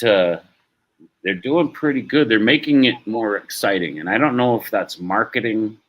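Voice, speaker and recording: A man with a fairly low voice hosts a casual sports chat on a live stream. He rambles in a laid-back way and drops the odd swear word. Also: fairly bright tone, dull audio. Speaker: stream host.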